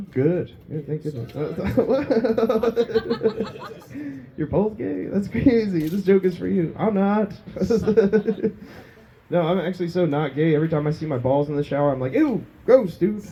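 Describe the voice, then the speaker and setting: A man's voice: high voice, measured pace, muffled recording. A man doing a crude, self-mocking stand-up set on a small pub stage, laughing at his own jokes. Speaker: stand-up comedian.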